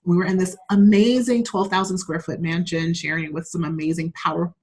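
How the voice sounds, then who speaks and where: A woman with a fairly low voice and fairly even intonation speaks fairly quickly as a guest in a casual interview. Warm and openly emotional, she tells personal stories and laughs often.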